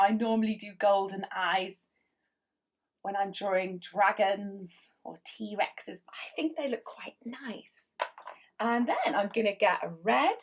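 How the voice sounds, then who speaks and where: Animated woman teaching kids to draw. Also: mid-range voice. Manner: animated, encouraging, playful sound effects. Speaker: children's drawing tutor. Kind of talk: draw-along lesson for children.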